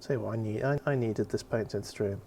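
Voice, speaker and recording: A man's voice: lowish voice, a little fast, creaky, a little mellow, a little hiss or hum. Chatty man hosting a stream. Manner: chatty, swears, fumbles with setup. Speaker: stream host. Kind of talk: casual chat while painting.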